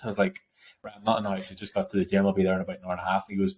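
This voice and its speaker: A man co-hosting a podcast, talking quickly in a lower register. He tells stories in an animated, laughing way, with the odd casual swear. It is a relaxed chat between two friends. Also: slightly rough. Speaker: podcast co-host.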